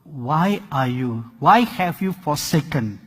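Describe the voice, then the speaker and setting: A man's voice: fairly high pitch, lively intonation, slow, a bit bright, breathy edge, big-room sound, full character voice. A man voicing a desperate preacher who cries out to God for help during a sermon. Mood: pleading. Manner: pleading cries.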